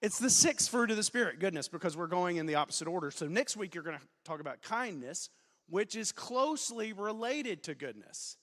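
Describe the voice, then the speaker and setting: A man in his forties, a student pastor giving a casual, self-deprecating sermon, with sudden loud emphasis. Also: high voice, expressive, fairly quick, big-room sound. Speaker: student pastor, guest preacher. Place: church sanctuary.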